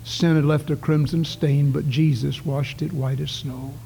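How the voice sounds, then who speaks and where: A man preaching a sermon, telling stories earnestly and swinging between calls and hushed near-whispers. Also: fairly high pitch, fairly even intonation, unhurried, gravelly, a little hiss or hum. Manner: earnest storytelling, rising to calls then dropping to near whispers. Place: church sanctuary. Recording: long church reverb.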